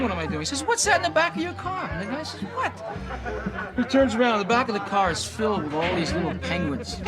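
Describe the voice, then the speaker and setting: An actor playing a rowdy man who tells a joke in a bar, laughing and acting out both characters. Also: very high voice. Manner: loud, laughing, acts out both sides of the joke. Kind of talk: film dialogue. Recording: loud bar with music and crowd.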